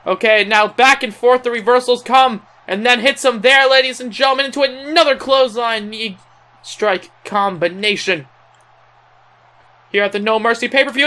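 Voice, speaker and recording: Bright, excitable wrestling game commentator. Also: mid-range voice. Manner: excitable announcer, keeps repeating "ladies and gentlemen"; casual asides and laughs at the action. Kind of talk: play-by-play wrestling commentary over gameplay.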